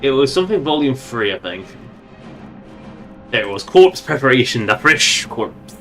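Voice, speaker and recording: A man's voice: mid-range voice, very animated, normal speed, long pauses, bright, forceful tone, soft background music. A man streaming a video game, rambling and joking to himself in casual commentary.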